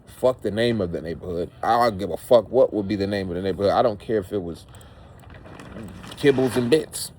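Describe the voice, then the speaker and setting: A man speaks in a low, warm, mellow voice. He rambles through a heartfelt personal monologue, piling up repeated phrases for emphasis, over a faint background hiss. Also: brisk. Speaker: vlogger.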